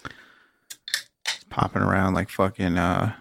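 A man co-hosting a comedy podcast, delivering mock-serious jokes in a deadpan way during casual banter. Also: deep voice, takes it slowly, creaky, background noise. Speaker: podcast co-host.

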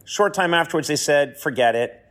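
A man's voice: fairly high pitch, animated, moderate pace, a bit bright. A man recording a comic, rambling answer that keeps mocking his own choices. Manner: rambling, self-mocking, talks himself into a corner. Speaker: guest sending a recorded answer. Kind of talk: comic monologue.

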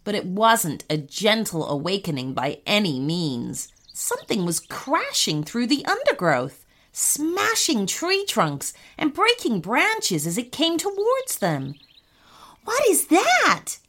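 A woman narrating a children's story in an animated storytelling manner. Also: mid-range voice, takes it slowly.

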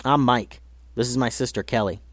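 A man's voice: medium pitch, normal speed, dry recording, lightly acted. A man doing a blunt, matter-of-fact boy. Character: blunt, level-headed boy.

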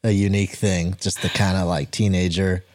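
A man's voice: deep voice, little pitch movement, brisk, darkish tone, no echo. A man hosting a comedy podcast chart countdown, making wry, dry remarks in casual chat.

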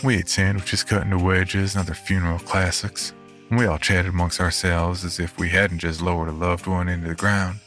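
A man narrating a first-person horror story in a reflective, measured way. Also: low voice, level tone, a bit bright, faint music behind.

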